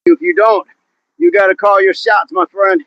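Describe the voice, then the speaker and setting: In lo-fi sound with no echo, a high-voiced man speaks in a steady tone at a moderate pace. He's outdoors running a live workout stream, counting reps with grunts and chatting casually with viewers, somewhat out of breath.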